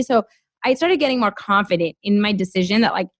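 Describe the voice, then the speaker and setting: A woman's voice: mid-range voice, brisk, no room sound. Chatty woman, dry close sound. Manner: chatty, heavy use of "like", animated storytelling. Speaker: podcast guest. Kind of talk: casual interview chat.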